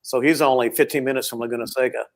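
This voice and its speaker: A man's voice: medium pitch, fairly even intonation, rapid-fire. A man hosting a casual chat, rambling and friendly, full of compliments. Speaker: podcast host.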